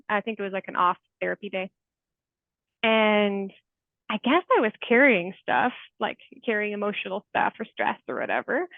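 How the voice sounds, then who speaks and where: A woman in her forties shares her experiences in an unscripted interview, warm-hearted and rambling with frequent fillers and little laughs. Her voice sits at an ordinary middle pitch. The sound is dry and narrow, like a tinny phone or video call. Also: no echo. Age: 40s. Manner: chatty and heartfelt, with many "like" fillers and soft laughs. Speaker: therapist guest. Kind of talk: casual interview chat.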